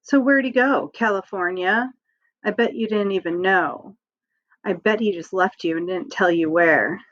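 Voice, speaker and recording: A woman's voice: mid-range voice, unhurried, fairly bright tone, no room sound, lo-fi sound, close to an everyday voice. A woman voicing a pushy young boy in a storybook reading, asking blunt, needling questions.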